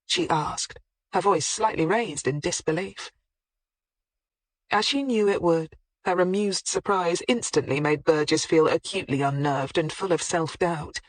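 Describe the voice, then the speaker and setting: An audiobook narrator reading a crime novel in measured, even storytelling. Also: medium pitch, dry recording.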